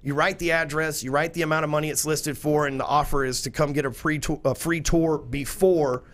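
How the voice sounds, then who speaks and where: Fast-talking blunt man. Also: fairly even intonation, a bit bright. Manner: fast, blunt and profane, salesy pitch. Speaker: podcast guest. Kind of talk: casual chat.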